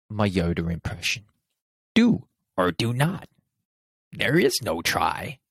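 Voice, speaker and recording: A man's voice: fairly low pitch, creaky, no room sound. A man hosting a motivational podcast, talking in an emphatic, encouraging way and swearing casually. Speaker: confidence podcast host and coach.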